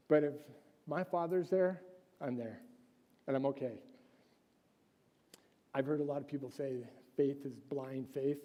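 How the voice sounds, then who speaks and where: A man's voice: on the high side, dark tone. A man from California giving an informal Sunday school sermon, telling stories earnestly and conversationally with frequent restarts. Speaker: missionary speaker at Sunday school. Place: large echoey church room. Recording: long reverb from a hall.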